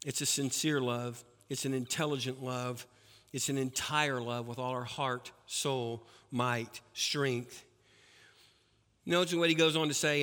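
A male pastor delivers a sermon in a high, bright, forceful voice. He swings between loud, emphatic peaks and hushed, low passages. The sound rings with a long reverb from a large church hall.

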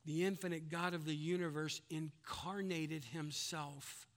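A man's voice: fairly even intonation, unhurried. A man preaching a sermon, emphatic, telling a long joke and acting out its characters. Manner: plays characters in a told story with big pitch jumps; drops to a soft, hushed delivery.

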